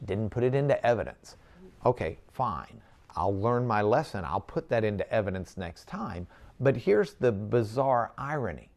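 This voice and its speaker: A man who is a trial lawyer, explaining a case in a measured, wry way during an interview. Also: on the low side.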